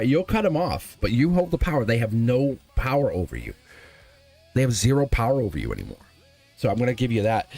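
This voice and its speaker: A man's voice: medium pitch, a little mellow. A man giving a live tarot reading, speaking earnestly and emphatically straight to the viewer. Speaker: tarot reader.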